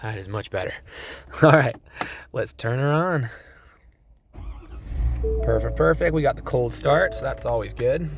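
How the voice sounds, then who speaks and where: A car salesman gives a casual, upbeat walkthrough of a truck, laughing often in a slightly hoarse, mid-range voice. He speaks at a measured pace with frequent pauses, recording outdoors on a cold car lot with background noise.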